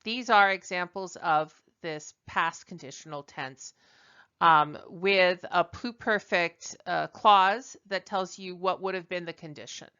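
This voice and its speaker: A woman's voice: lowish voice, a little slow, bright, forceful tone, clear, resonant tone, lo-fi sound. A woman teaching French from slides in a chatty way, correcting herself now and then and reading example sentences aloud. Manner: chatty, self-correcting, switches into read-out French. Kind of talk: slide lecture.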